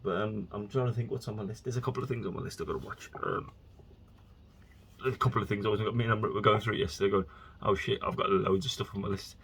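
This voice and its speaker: Male podcast host, husky voice, loose chatty monologue with bursts of exasperation. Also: fairly low pitch, steady tone, fast, fairly bright tone. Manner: rambling, chatty, breaks into exasperated rants. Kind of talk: casual solo podcast rambling.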